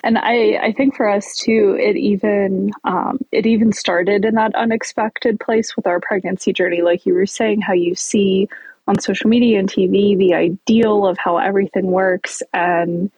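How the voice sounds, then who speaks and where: A woman's voice: mid-range voice, fairly even intonation, normal speed, darkish tone, breathy edge, dry recording, lo-fi sound. A woman who is a guest on a podcast, speaking openly and reflectively. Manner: open, reflective, laughs easily. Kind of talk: casual podcast interview.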